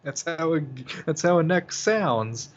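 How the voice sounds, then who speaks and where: A man's voice: on the high side, lively intonation, measured pace, lo-fi sound. A man hosting a let's play, bantering crudely and laughing while reading a story game. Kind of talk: casual game commentary.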